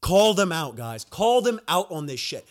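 With a high-pitched, sing-song voice at a moderate pace, a young man rants angrily on his podcast while getting over an illness. He swears heavily and repeats himself in his fury.

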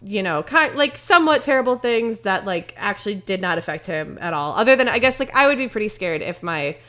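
A woman's voice: medium pitch, animated, fairly quick, a bit bright. A young woman co-hosting a casual podcast, telling a story in a rambling way with many fillers. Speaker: podcast co-host. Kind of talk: casual chat.

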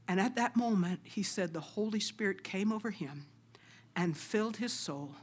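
A middle-aged woman preaching a sermon, earnest and exhorting, sometimes dropping to a hushed near-whisper. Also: mid-range voice, measured pace, husky. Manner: earnest, exhorting, drops to soft hushed asides.

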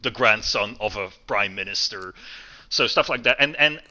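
Bright-voiced man chatting loosely. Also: moderate pace, dull audio. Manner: rambling, many fillers and restarts, lively swings in pitch. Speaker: podcast co-host. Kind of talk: casual chat.

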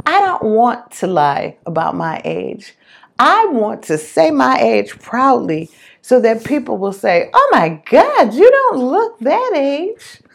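A woman's voice: fairly high pitch, creaky. A woman giving an earnest, encouraging motivational monologue and repeating phrases for emphasis.

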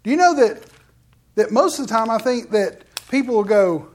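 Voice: medium pitch, very animated, normal speed. A preacher delivering a casual, candid sermon to a live congregation, acting out the people in the Bible story in quoted voices. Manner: conversational, acts out Bible scenes in quoted voices; candid, addresses the crowd directly.

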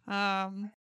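A woman co-hosting a book podcast, reacting quickly and frankly in a playful, casual chat. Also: mid-range voice, no room sound, studio quality. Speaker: podcast co-host.

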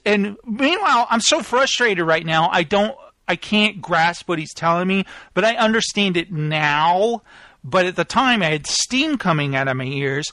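High bright animated male storyteller. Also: normal speed, no echo. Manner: animated, acts out both sides of conversations. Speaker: podcast host. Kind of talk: casual storytelling monologue.

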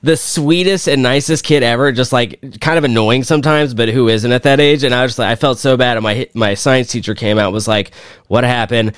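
Rambling young guy with a smooth voice. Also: medium pitch, fairly quick, no room sound, clean studio sound. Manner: rambling storyteller, swears often. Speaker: podcast co-host. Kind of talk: casual chat.

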